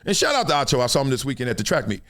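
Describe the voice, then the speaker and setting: A middle-aged man hosting a casual sports talk show, slangy and animated, acting out quick voices as he riffs. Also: medium pitch. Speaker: show host. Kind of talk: casual commentary livestream.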